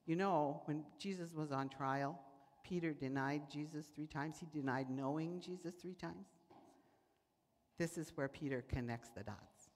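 A deep-voiced woman preaches at a measured pace in a church sanctuary. Animated, she tells stories and performs the voices of the people she quotes. Church hall reverb is audible.

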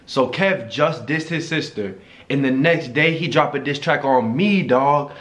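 A man giving casual reaction commentary, animated, slangy and joking. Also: medium pitch, measured pace. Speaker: YouTuber reacting to a video.

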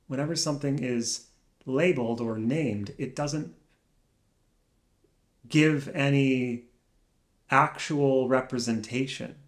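A man musing aloud alone in a room, soft-spoken and searching, speaking in halting phrases that trail off into pauses. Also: medium pitch. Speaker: vlogger. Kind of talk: slow reflective musing.

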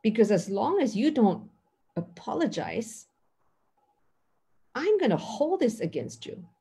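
A middle-aged woman giving a mindfulness lesson in an earnest, teacherly way. Her voice is slightly husky, and her pitch rises and falls in lively swings as she acts out little dialogues. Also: a little slow. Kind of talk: teaching talk.

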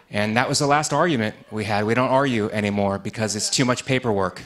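A man doing a stand-up comedy set with deadpan punchlines in a TV studio. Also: fairly low pitch, fast, hardly any pauses.

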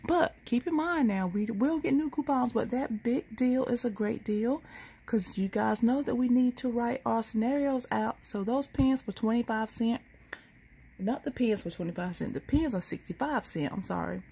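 A woman's voice: fairly high pitch, normal speed, vocal fry, dark tone, husky. A sleepy woman, rambling through a casual late-night vlog into a handheld phone. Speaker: couponing vlogger.

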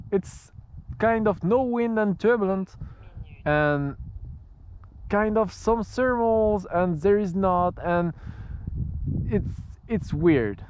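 Slow, fairly high-voiced French-accented man. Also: a little hiss or hum. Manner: chatty, laughs often, restarts his sentences. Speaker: RC glider pilot and vlogger. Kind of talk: casual running commentary while flying. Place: outdoors on a snowy, freezing field.

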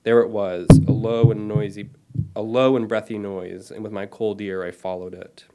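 Man, thirties, author reading aloud, lowish pitch, apologetic asides. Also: normal speed, clean tone. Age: 30s. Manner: self-deprecating, apologetic asides between steady reading. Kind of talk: reading his own short story at a lecture.

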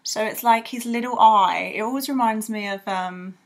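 A woman's voice: fairly high pitch, moderate pace. A young woman teaching children to draw in a bubbly, rambling way with playful sound effects. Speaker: art tutor. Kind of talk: drawing tutorial for children.

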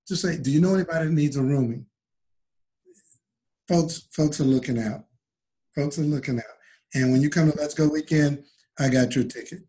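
A man's voice: fairly high pitch, dark tone, poor audio. A man speaking on a team conference call as a leader, earnest and direct, addressing everyone like family. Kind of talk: call-in remarks.

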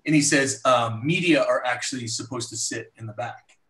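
Brief: male guest speaker, mid pitch, animated storytelling, roomy echo on a video call. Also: normal speed, far from the mic. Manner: animated storyteller, voices others in his anecdotes. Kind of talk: storytelling in a live talk.

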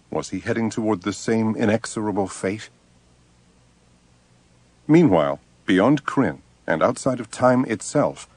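Steady, low-voiced male narrator. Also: dry recording. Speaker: audiobook narrator. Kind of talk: scripted summary narration.

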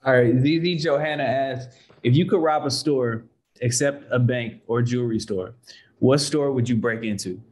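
A man's voice: mid-range voice, normal speed, darkish tone. A man, a podcast producer, reading listener questions and giving brief, laid-back replies. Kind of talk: casual podcast chat.

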